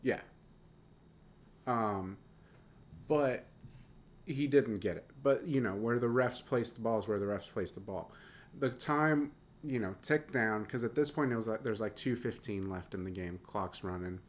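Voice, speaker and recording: Speaking unhurriedly in a lowish voice, a young Southern American man co-hosts a laid-back sports podcast. He's animated and clips the g off his -ing endings.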